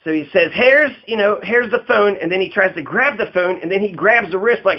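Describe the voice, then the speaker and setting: High-voiced rambling profane man. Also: lively intonation, brisk. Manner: rambling, profane, laughing, acts out quotes in a raised voice. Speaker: political commentator. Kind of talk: casual political commentary. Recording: dull lo-fi audio.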